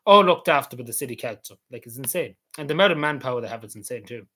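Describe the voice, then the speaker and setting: Talking through his travel photos, this hoarse Irish vlogger with a Cavan accent rambles, repeats himself and swears here and there. He sounds animated, pushed and bright at a medium pitch, and his delivery races along.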